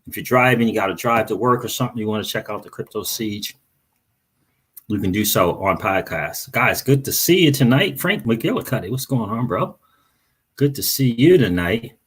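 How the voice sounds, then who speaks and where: Husky guy running a laid-back live stream, shouting out viewers by name, says stuff twice. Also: on the low side, animated, normal speed. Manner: greets viewers by name, repeats phrases. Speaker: crypto channel host. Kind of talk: casual livestream chat.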